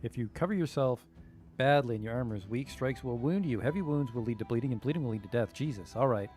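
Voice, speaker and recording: A man's voice: mid-range voice, lively intonation, fast, a little mellow, faint music behind. A young man giving casual, joking, profane commentary while streaming a game, sometimes reading tutorial text aloud.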